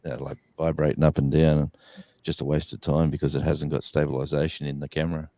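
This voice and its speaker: A man's voice: a bass voice, flat delivery, fast talker, warm tone, dry recording. An Australian man chatting and joking on a livestream call, teasing the others. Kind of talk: casual livestream chat.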